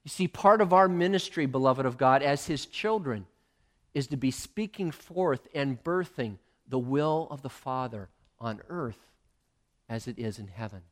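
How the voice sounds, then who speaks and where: A male preacher giving a sermon, emphatic and swinging between loud and hushed. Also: mid-range voice, animated, measured pace.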